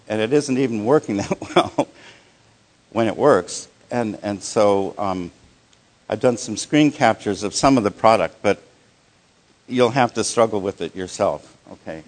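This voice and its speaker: Male workshop presenter, low-pitched, casual and halting, with frequent restarts and audience check-ins. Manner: halting, many restarts and fillers. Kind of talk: live workshop talk.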